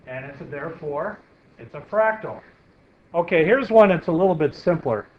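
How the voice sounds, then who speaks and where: A man's voice: fairly high pitch, expressive, normal speed, roomy sound. A male math teacher giving a classroom lecture, explaining steps as he draws and asking students questions. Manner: walks students through steps, asks them questions. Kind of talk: classroom lecture while drawing on the board. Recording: dull lo-fi classroom recording with faint hiss.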